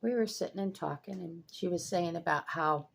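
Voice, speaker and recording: A woman's voice: fairly low pitch, normal speed, creaky, slight background noise. An older woman telling a story in a blunt, exasperated way, swearing freely as she vlogs. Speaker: vlogger. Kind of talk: casual storytelling.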